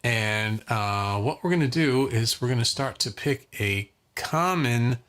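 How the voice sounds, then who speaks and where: A man teaching a live online guitar lesson in a relaxed, chatty way, counting beats aloud as he strums. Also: medium pitch, unhurried. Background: acoustic guitar strumming.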